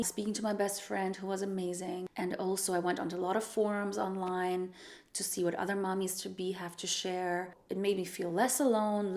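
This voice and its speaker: A woman's voice: mid-range voice, darkish tone. A pregnant young woman, a singer-songwriter, talking openly and earnestly to camera in a casual vlog, going through a numbered list. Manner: earnest, open and chatty, reading list items aloud.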